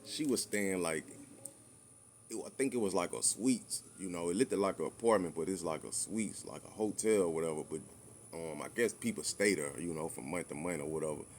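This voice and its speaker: A man's voice: low voice, fairly quick, a little hiss or hum. A man co-hosting a podcast, talking in a laid-back, drawling way full of fillers. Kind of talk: casual podcast chat.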